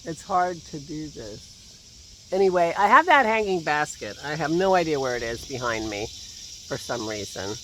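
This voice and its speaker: A man with a slight lingering cough chats and rambles to his phone camera, held at arm's length, while vlogging in his garden and laughing to himself. His on-the-high-side voice is bright, expressive, and forceful at a moderate pace, with slight background noise.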